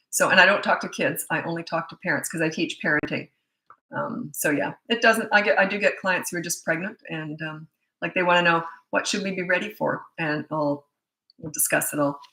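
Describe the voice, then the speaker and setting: A woman's voice: lowish voice, bright, forceful tone, reverberant, poor audio. A woman in her sixties, a parenting coach chatting casually through a live question-and-answer session, reading questions aloud and laughing easily. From Canada. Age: 60s.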